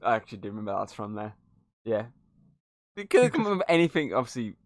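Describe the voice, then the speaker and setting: A man's voice: lowish voice, big pitch swings, quick pace, dry recording, clean studio sound. A man hosting a podcast, reviewing a movie in casual chat, swearing freely and laughing at scenes. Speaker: podcast host.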